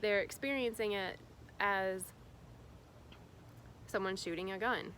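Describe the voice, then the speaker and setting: A woman's voice: mid-range voice, slow, a bit bright, a little hiss or hum. Rambling, chatty woman spiritual vlogger. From Indiana, USA. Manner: rambling and chatty, many fillers and restarts. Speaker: spiritual guide. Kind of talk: casual spiritual vlog talk.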